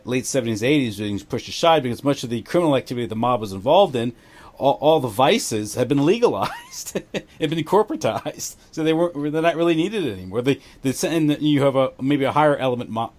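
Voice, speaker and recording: A man's voice: mid-range voice, expressive, brisk. A man in casual political talk who rambles and hesitates, often retelling scenes and acting out the dialogue. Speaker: podcast co-host.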